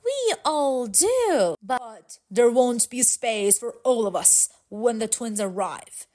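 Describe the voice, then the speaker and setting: A woman's voice: a little high, takes it slowly. A woman voicing a firm, sensible father in a storybook. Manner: firm and steady.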